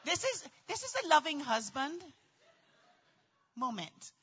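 A woman in middle age telling a personal story in a dramatic, animated way, acting out voices and often shouting. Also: sits high, unhurried, muffled recording. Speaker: storyteller recounting childbirth.

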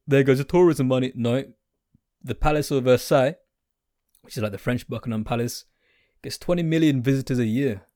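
A man's voice: mid-range voice, a little mellow, dry recording. Brief: young British man, sarcastic rant, rambling and blunt, dry close sound. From United Kingdom. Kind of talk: opinionated monologue.

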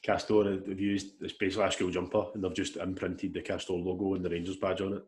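A man's voice: deep voice, flat delivery, quick pace, a little mellow. A Scottish man co-hosting a podcast, chatting casually and explaining things bluntly, with the odd swear. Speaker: podcast co-host. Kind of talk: casual chat.

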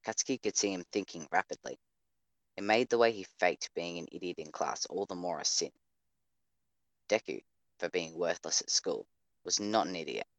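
A man narrating an audio drama in a measured, steady storytelling manner. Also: sits low, no echo. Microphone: home microphone over voice chat.

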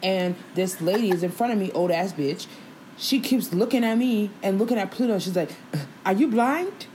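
A young woman hosting a casual podcast, telling animated, profane stories and laughing through them. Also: medium pitch, fairly quick, a little hiss or hum. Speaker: podcast host. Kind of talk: casual storytelling chat.

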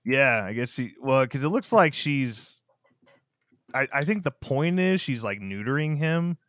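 A man's voice: medium pitch, lively intonation, a little slow, a bit bright, no room sound, studio quality. A man co-hosting a casual film review podcast, talking loosely and swearing freely. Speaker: podcast co-host.

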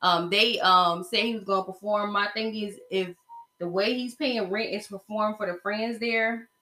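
A woman's voice: medium pitch, fairly even intonation, moderate pace, bright, forceful tone, echoey room. A woman from the American South hosting a podcast, talking about reality TV in a blunt, chatty gossip style, with slang and lots of fillers. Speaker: podcast host. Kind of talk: casual gossip monologue.

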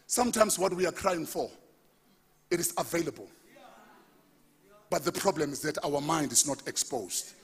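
Pastor, male, sermon; high, very lively delivery, shouts to the congregation. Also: breathy edge. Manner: preaching, rising to shouts, asking the congregation for responses.

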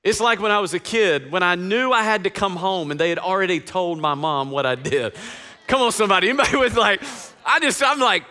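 A man's voice: high voice, expressive, brisk, bright, forceful tone. A male pastor preaching a sermon in a casual, slangy, conversational way with frequent asides to the congregation.

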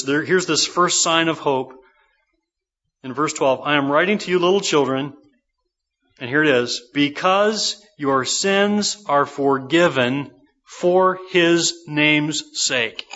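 A man's voice: a little high, a little slow, bright, forceful tone. A middle-aged male pastor preaching a sermon in a conversational way, often asking the congregation rhetorical questions. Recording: dull lo-fi sermon recording.

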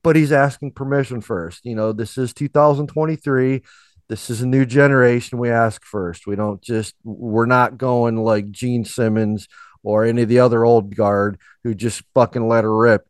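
A man's voice: mid-range voice, no echo, studio quality. Laid-back man, calls everyone dude. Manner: laid-back, drops "dude" often, teasing. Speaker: podcast co-host. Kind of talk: casual podcast chat.

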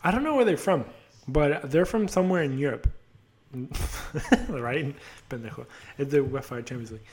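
A man's voice: medium pitch, animated, normal speed, darkish tone. A young man hosting a podcast, rambling and joking about soccer, swearing and teasing himself. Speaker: podcast host. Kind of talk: casual soccer chat.

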